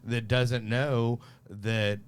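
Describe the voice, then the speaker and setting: A man's voice: mid-range voice, extremely slow, smooth. A man hosting a podcast in a loose, rambling, jokey chat style. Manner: rambling, chuckling, animated asides. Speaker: podcast host.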